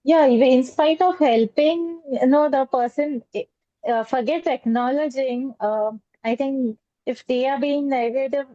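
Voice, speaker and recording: A woman's voice: sits high, unhurried, warm tone, dry recording, muffled recording. A woman, a participant politely and hesitantly asking questions over a video call. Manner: polite, hesitant with many fillers.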